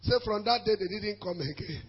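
A man preaching a sermon as pastor, emphatic, with shouted calls for the congregation to repeat after him. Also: sits high, moderate pace, breathy edge, highs cut off.

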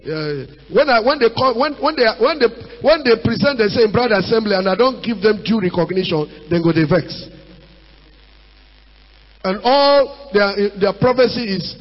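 Nigerian pastor guy preaching loud, high voice, echoey hall sound. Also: moderate pace. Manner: animated preaching with shouts, mimicry and Pidgin asides. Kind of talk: sermon. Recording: dull sound in a reverberant hall.

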